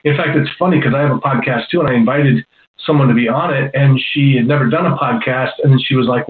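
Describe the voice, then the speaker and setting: A man's voice: mid-range voice, fast talker. A middle-aged man, a hypnotist and comedian, telling stories in a rambling, self-deprecating way during a casual interview. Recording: roomy, tinny phone-like sound.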